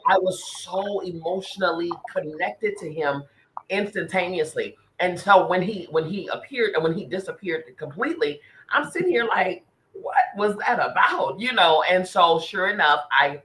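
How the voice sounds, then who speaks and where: A man's voice: high-pitched, lively intonation, normal speed, bright, forceful tone, slight background noise, poor audio. A man co-hosting a podcast, earnestly telling a personal spiritual story in casual chat, often restarting and repeating phrases. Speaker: podcast co-host.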